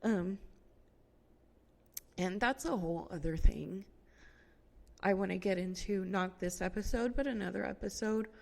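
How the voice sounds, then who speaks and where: In a casual personal monologue, a podcast host in her thirties speaks emotionally about her family, using many fillers and becoming tearful at times. Her voice is medium-pitched, gravelly and darkish, a little slow with long pauses, and it carries a big-room sound.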